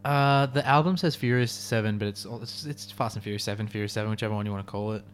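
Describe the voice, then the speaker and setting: A man's voice: on the low side, steady tone, quick pace, faint music behind. A man co-hosting a student radio show, chatting casually in a rambling way full of fillers. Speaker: radio co-host.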